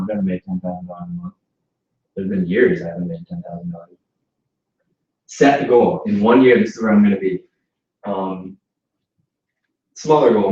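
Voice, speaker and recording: A man giving an energetic, joking motivational talk to a group at a business mixer, heard from across an indoor event space. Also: on the low side. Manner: energetic, joking, quick asides. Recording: echoey room from far off, dull sound.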